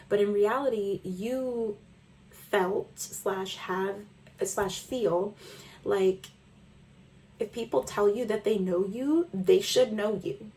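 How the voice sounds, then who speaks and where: A woman's voice: medium pitch, dark tone, far from the mic, low-quality recording. A woman giving a casual tarot reading to her viewers, chatty and reassuring, repeating herself and mixing in slang and the odd curse word. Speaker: tarot reader. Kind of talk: casual spiritual reading to camera.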